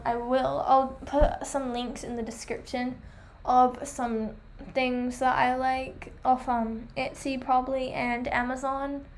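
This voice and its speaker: Chatty high-voiced young woman. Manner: chatty, filler-heavy, enthusiastic. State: losing her voice. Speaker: vlogger reviewing pet products. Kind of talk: casual chat.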